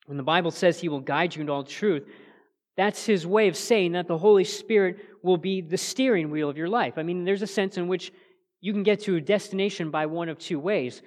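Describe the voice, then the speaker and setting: A man preaching a sermon as pastor, earnest, rising to emphatic peaks and then dropping soft. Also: sits high, fairly quick. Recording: long church reverb.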